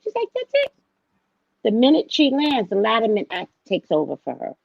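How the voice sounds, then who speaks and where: A woman with a creaky, slightly rough voice on the high side speaks fairly quickly, with no echo. She teaches special education and is telling a casual story, acting out quoted lines animatedly and repeating phrases for emphasis. The sound is dull, lo-fi, and dry.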